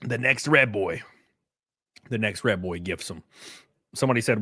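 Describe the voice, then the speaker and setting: A man's voice: mid-range voice, lively intonation, moderate pace, pushed and bright, slightly rough, no echo, clean studio sound. A man streaming live, giving casual, profane reaction commentary and acting out quotes as he tells stories.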